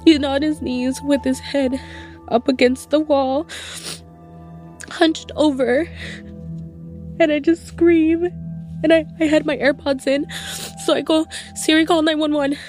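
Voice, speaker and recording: A woman's voice: sits high, level tone, a little slow, darkish tone. A woman interviewee recounting a personal loss, emotional and acting out her own past words, over a faint music bed. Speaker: widow interviewee.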